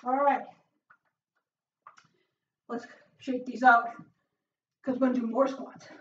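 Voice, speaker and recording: Breathless high-voiced woman coaching a workout. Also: little pitch movement, slow pace. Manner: upbeat, cheering with loud whoops, breathless between exercises. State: out of breath from exercising. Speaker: fitness instructor. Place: small closed room at home. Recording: roomy, distant, dull sound.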